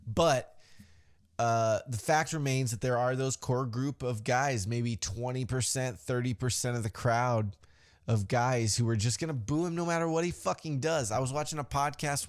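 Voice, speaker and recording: A man hosting a podcast, ranting casually and heatedly about wrestling, swearing often and getting animated. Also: medium pitch. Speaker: podcast host. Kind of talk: casual wrestling commentary rant.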